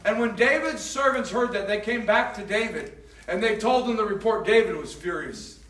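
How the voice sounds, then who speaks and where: A pastor preaching with animated, emphatic storytelling in a very high, bright voice. He is recorded in an echoey church hall from some distance. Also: normal speed. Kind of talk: sermon.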